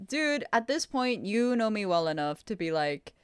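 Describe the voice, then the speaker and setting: A young woman hosting a casual livestream Q&A, excitable and quick to laugh, swearing freely. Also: mid-range voice, clean tone, no echo, clean studio sound. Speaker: streamer hosting a Q&A.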